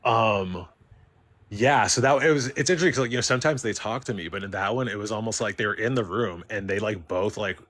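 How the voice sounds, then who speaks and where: A man's voice: on the low side, fairly quick, fairly bright tone. Rambling man telling a story. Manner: rambling, heavy use of filler words. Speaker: caller sharing a story on a live stream. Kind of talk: casual spoken storytelling. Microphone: live stream call-in.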